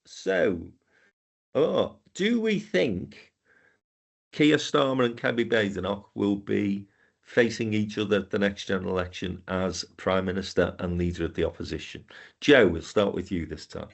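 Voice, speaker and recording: A man's voice: on the low side, moderate pace, gravelly. An older man hosting a political chat podcast, telling anecdotes and moving the panel along. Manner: anecdotal, steers to next question. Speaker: podcast host.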